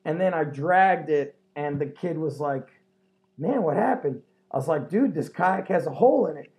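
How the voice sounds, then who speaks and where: Animated storytelling male podcast host, mellow voice. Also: fairly high pitch, normal speed. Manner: animated storyteller, swears, laughs often. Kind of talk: casual chat.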